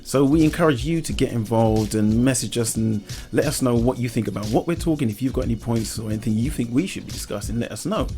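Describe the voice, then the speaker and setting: A man's voice: mid-range voice, fast talker, hardly any pauses, mellow, faint music behind. A man co-hosting a comedy podcast, chatting in a playful, teasing way and laughing often. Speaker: podcast co-host. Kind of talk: casual comedic chat.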